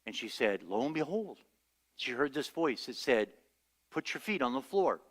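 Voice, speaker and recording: Pastor preaching in a reverberant church. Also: male voice, mid-range voice, big pitch swings, normal speed, fairly bright tone. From United States. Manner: storytelling, acts out quoted voices. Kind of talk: sermon. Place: church sanctuary.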